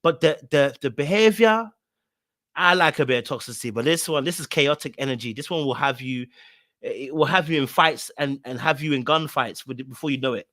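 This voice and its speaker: A man's voice: fairly high pitch, fairly quick, a bit bright, no echo. Emphatic slangy man, dry close sound. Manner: emphatic, repeats himself, blunt slang. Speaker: reaction commentator. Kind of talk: casual reaction commentary.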